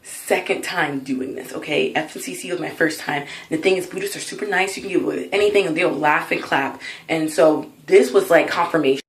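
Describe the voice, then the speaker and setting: A woman in her early twenties telling a personal story in an excitable, dramatic way for her vlog. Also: low-pitched, fairly quick, hardly any pauses, reverberant, low-quality recording. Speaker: vlogger.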